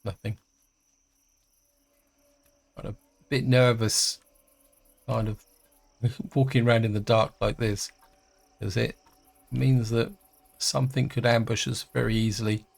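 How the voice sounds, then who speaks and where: A middle-aged man giving casual let's-play commentary, chatty and hesitant, thinking aloud with many pauses. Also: mid-range voice, little pitch movement, gravelly. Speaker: gaming channel host.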